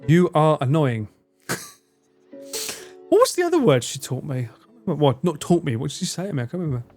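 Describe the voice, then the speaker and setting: Streamer guy chatting w his chat, kinda high voice, swears a lot, bit of music playing low behind. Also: huge pitch swings, fast, a little mellow. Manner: rambling, swears freely, laughs often. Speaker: livestreamer. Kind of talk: casual chat reading out and answering live chat.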